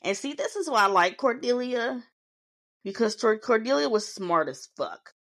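A woman's voice: a little high, big pitch swings, moderate pace, a bit bright. A woman hosting a podcast, casually recapping a reality show episode, swearing freely and acting out what the cast said.

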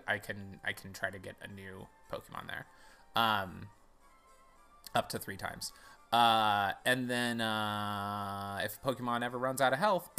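A man's voice: lowish voice, bright, forceful tone. A man hosting a podcast and giving casual let's-play commentary, rambling and self-interrupting with playful asides. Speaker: podcast host playing a game.

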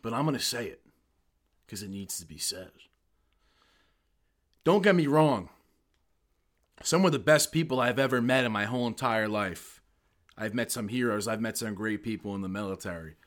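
A man's voice: lowish voice, moderate pace, pauses often, fairly bright tone. A young man from the United States, a guest on a podcast, telling stories in a brash, boisterous way full of swearing. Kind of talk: casual podcast storytelling.

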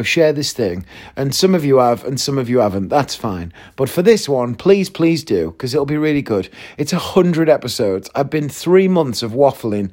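A man hosting his own podcast in a casual solo monologue. He rambles, thinks out loud mid-sentence and swears freely. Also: medium pitch. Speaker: podcast host.

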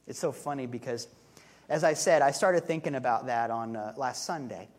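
A male pastor giving a conversational sermon, telling a story with relaxed humor and asides. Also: medium pitch, normal speed.

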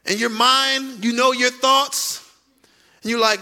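A high-voiced man preaches a sermon from the pulpit of a church. His tone is bright and ringing. He puts questions straight to the congregation and stretches key words out for emphasis. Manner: preaching with dramatic pauses and emphatic drawn-out words; conversational, asks the congregation direct questions. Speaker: pastor. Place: church sanctuary.

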